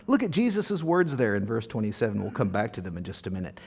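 A man preaching a sermon to his congregation in a very expressive voice that rises and falls widely. He talks conversationally and tosses questions to the listeners. When he reads scripture aloud, he acts the lines out with real drama. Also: on the low side, fast, creaky, hardly any pauses, husky. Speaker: pastor. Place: church service before a congregation.

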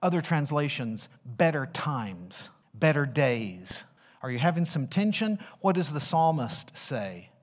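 A male pastor preaching in an unhurried, deliberate rhythm. His voice sits a little high and swings widely, leaning on emphatic call-and-response questions and then sinking to a hush. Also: big pitch swings. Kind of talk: sermon.

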